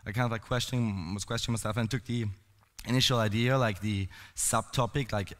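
A hoarse, cold-roughened man gives a loose, rambling conference talk, full of fillers and false starts. His voice sits fairly low. The sound rings with the long reverb of a cinema hall. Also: fairly even intonation, brisk. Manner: rambling, many fillers and restarts. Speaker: conference speaker.

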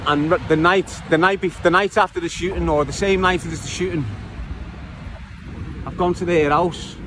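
A man's voice: high voice, steady tone, normal speed. A man with a Liverpool accent giving a casual city tour on his bike, chatty and swearing freely as he talks straight to his viewers. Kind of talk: casual walking-tour vlog. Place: outdoors in a city centre. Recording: loud street noise outdoors.

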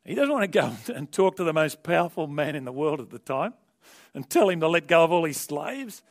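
Delivering a sermon with lively storytelling, this man pitches his voice on the high side, talks fairly quickly, and has vocal fry. He turns aside to chat with the congregation and shifts sharply from soft to loud for emphasis.

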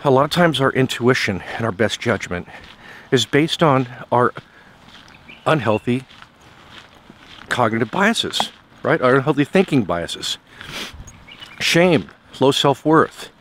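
A man's voice: mid-range voice, very animated, slow pace, long pauses, fairly bright tone, a little hiss or hum. A man casually telling a story in a motivational vlog while out on a walk, often repeating words as he goes. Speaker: vlogger. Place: outdoors on a walk.

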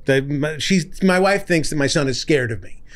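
A man's voice: a little high, lively intonation, normal speed. A man hosting a podcast, asking questions and teasing his guest in casual conversation. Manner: joking, teasing interviewer. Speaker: podcast host. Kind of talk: casual interview chat.

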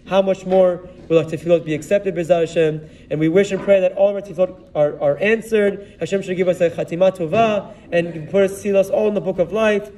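A man's voice: high-pitched, fairly even intonation, brisk, hardly any pauses, mellow, recorded from a distance, slight background noise. A man, a rabbi, retelling a Bible story in a sermon and weaving Hebrew terms and verses into his telling. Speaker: rabbi giving a Torah talk.

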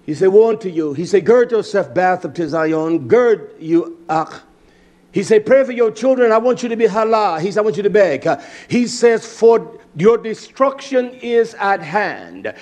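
High-voiced fiery male preacher. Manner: swings from loud shouting to hushed near-whispers. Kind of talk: fiery sermon.

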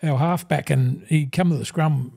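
Gravelly Australian older man. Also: on the high side, normal speed, dark tone. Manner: rambling and blokey, peppers talk with "mate". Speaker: guest, former rugby league forward. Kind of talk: casual storytelling in a podcast interview.

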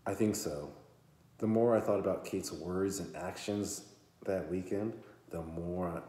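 A man's voice: sits low, warm tone. A man hosting a podcast, reading a novel aloud and cutting in with profane jokes. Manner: profane, joking interruptions. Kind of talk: book reading with crude asides. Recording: roomy echo.

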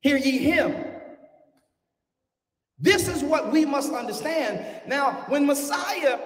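A man preaching a sermon, swinging from quiet asides to shouted, animated climaxes. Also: very high-pitched, slow pace. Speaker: pastor. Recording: echoey church hall, mic from far off.

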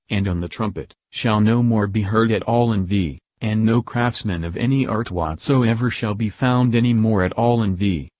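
Male scripture reader, low voice, measured delivery, dry close recording. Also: darkish tone, no room sound. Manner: slow, measured recitation. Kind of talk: scripted Bible reading.

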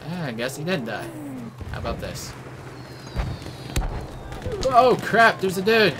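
A man giving live commentary while playing a shooter game, excitable, yelling at enemies and trading mild minced oaths. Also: a little high, a little fast. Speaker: gameplay commentator. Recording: game noise clearly behind voice.

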